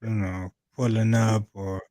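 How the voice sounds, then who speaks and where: A man's voice: lowish voice, little pitch movement, unhurried, mellow. A man hosting a casual interview, asking loose questions full of fillers. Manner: rambling, filler-heavy questions. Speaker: podcast host.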